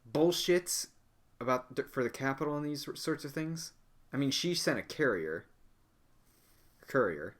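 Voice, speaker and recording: A man's voice: medium pitch, animated, measured pace, long pauses, fairly bright tone. Man, tabletop game player, playful, crude humor, stumbles over words. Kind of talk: tabletop role-play.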